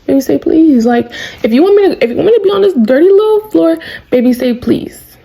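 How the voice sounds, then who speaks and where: A woman's voice: high-pitched, lively intonation, fast, creaky, mellow, pitched above the performer's own voice. A woman doing a smug, teasing young rival. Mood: taunting. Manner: smug, taunting. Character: cocky young male hockey rival, teasing.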